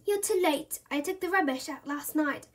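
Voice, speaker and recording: Storybook mum, scolding and sighing, high and bright, read by a woman. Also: normal speed, lightly acted. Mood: exasperated. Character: busy mum, exasperated but kind.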